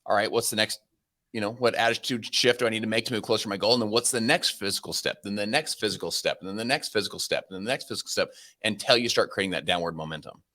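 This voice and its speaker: A man in his forties, a podcast guest, telling a story in an energetic, conversational way with many restarts. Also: lowish voice, fast talker.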